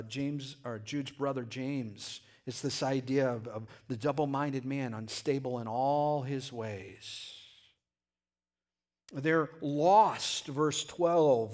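A man delivering a sermon in a loose, conversational way, repeating and restarting his words as he goes. His voice sits at an ordinary middle pitch, and he jumps to a loud shout when he acts out a scene. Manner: conversational preaching with frequent restarts and sudden shouted asides. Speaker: pastor.

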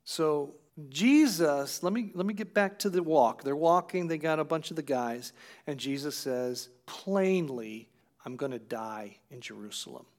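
A man's voice: on the high side, expressive, unhurried, darkish tone. A man preaching a sermon, retelling scripture with acted quotes and putting questions to his listeners. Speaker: pastor.

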